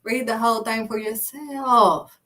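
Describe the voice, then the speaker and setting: A woman with a high voice gives a casual, emphatic faith talk. She punctuates each point with a firm "period" and calls her listeners honey and sweetheart. She sits a little back from the microphone. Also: steady tone, measured pace, a bit bright, distant mic. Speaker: faith speaker. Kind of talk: casual preaching monologue.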